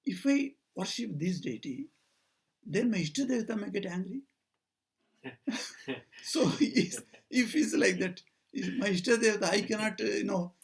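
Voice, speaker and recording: Older male monk speaker, high husky voice, story-led spiritual talk, acts out the dialogue. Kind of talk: informal spiritual talk with stories. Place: talk at a society house, indoors.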